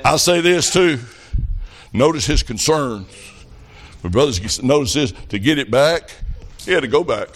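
A middle-aged man with a Southern US accent preaching a revival sermon, telling folksy stories and building up to fervent shouts. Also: medium pitch, animated, measured pace, pauses often.

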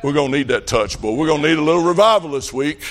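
A middle-aged man with a Southern US accent preaching a revival sermon, telling folksy stories and building up to fervent shouts. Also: a little high, quick pace.

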